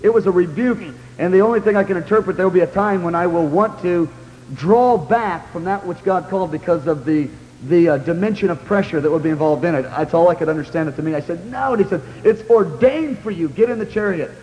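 A young adult man, a preacher with a high voice, gives his testimony to a congregation in earnest, halting bursts, stopping and restarting sentences and shouting at the peaks. His voice rings through a reverberant hall over a faint hum, with the highs cut off.

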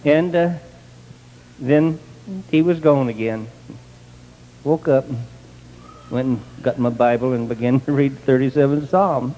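An older man telling his own story in a plain, folksy way, with bursts of excitement. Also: mid-range voice, unhurried, pauses often, muffled recording. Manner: plain country speech, rising to excited outbursts. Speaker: testimony speaker. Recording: long hall reverb.

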